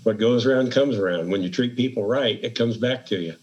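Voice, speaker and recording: A man hosting an interview, affirming his guest in a warm way. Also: medium pitch, fairly quick, dull audio, a little hiss or hum. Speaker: podcast host.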